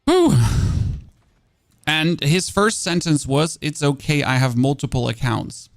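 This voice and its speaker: A man's voice: on the high side, lively intonation, a little slow, creaky, dry recording, studio quality. A German man with a German accent, a streamer giving casual gameplay commentary and answering chat in a chatty, self-mocking way with many fillers.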